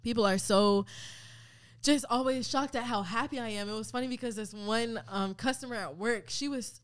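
Animated young woman repeating for emphasis. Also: a little high, normal speed. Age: 20s. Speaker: guest. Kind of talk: casual faith talk.

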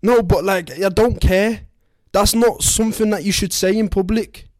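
A man's voice: sits high, fairly even intonation, normal speed, darkish tone, dry recording, studio quality, voice pushed up, natural voice. A man playing a distraught young wife with a Birmingham accent. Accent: put-on Birmingham accent. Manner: whiny, pleading, overdramatic. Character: distraught young wife, upset, demanding and dramatic.

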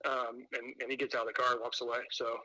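A man's voice: medium pitch, flat delivery, fast talker, pushed and bright, no echo, rough recording. A man chatting as a podcast guest, telling rambling stories full of fillers and restarts. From Indiana. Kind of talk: casual chat.

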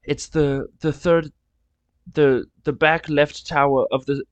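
A man's voice: a little high, fairly even intonation, slow, clean tone, no room sound, lo-fi sound, pitched above the performer's own voice. A man voicing a sympathetic city guard who turns people away with apologies. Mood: apologetic.

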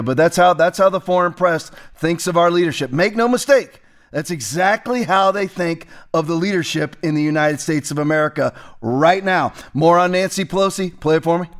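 A man's voice: on the high side, fairly quick. Emphatic male talk host. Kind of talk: political commentary.

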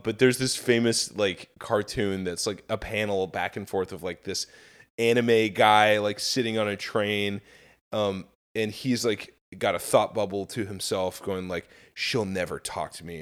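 A man co-hosting a podcast, talking casually with lots of swearing and animated storytelling. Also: lowish voice, normal speed, clear, resonant tone. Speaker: podcast co-host. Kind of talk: casual chat.

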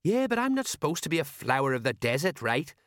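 A man's voice: fairly high pitch, sing-song, fast talker, fairly bright tone, no echo, voice pushed up. Blustering middle-aged sergeant, voiced by a male narrator, raised and common, dry read. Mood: grumbling.

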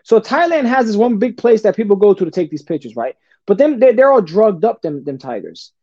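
A man guesting on a talk show, telling stories in an animated, casual way, full of slang and swearing. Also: high voice, fairly quick, no room sound. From New Jersey. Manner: animated, swearing, street slang, says bro a lot. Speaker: podcast guest. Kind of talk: casual storytelling. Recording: dull lo-fi dry sound.

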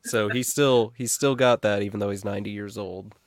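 A man's voice: on the low side, steady tone, brisk, no echo, studio quality. A man from South Dakota hosting a casual chat show over a video call, joking with his guests. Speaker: host.

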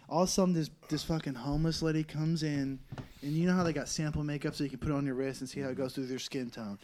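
A young man telling raunchy stories in a casual podcast chat, animated and profane, jumping into loud shouted quotes. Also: fairly high pitch, quick pace, slight background noise. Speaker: comedian guest.

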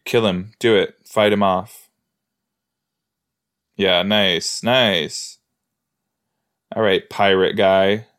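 A man's voice: sits low, fairly even intonation, extremely slow, long pauses, fairly bright tone. A man hosting a podcast, reacting casually and jokingly while watching an episode. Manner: chatty, joking, thinks aloud with fillers. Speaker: podcast host.

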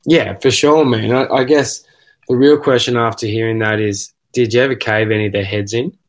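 A man's voice: mid-range voice, steady tone, moderate pace. A man hosting a podcast, casual, blunt and opinionated, with some swearing. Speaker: podcast host.

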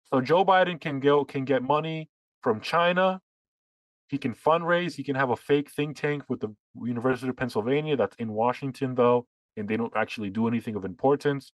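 A man holds forth on a political podcast, sarcastic and full of restarts as he builds his point. His voice sits at an ordinary pitch, recorded dry and close with no room sound. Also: normal speed, no room sound, poor audio. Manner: sarcastic, talks in long runs with restarts. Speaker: podcast co-host. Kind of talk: casual political chat.

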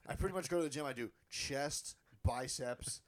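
A man hosting a podcast, trading crude jokes and quick profane jabs in casual banter. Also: mid-range voice. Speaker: podcast host.

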